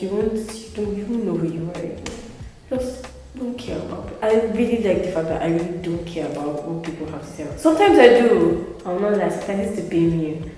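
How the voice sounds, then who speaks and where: A woman's voice: lowish voice, dark tone, far from the mic. Chatty young woman in an echoey room. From Africa. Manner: chatty, filler-heavy, frequent "like" and "right", laughing asides. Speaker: interview guest. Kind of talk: casual storytelling.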